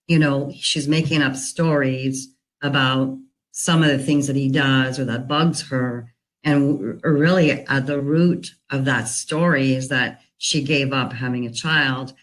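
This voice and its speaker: A woman working as a divorce recovery coach talks through a personal story in an earnest, unhurried way. Her delivery is conversational and reflective, with plenty of "you know" fillers. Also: a bass voice, rough recording.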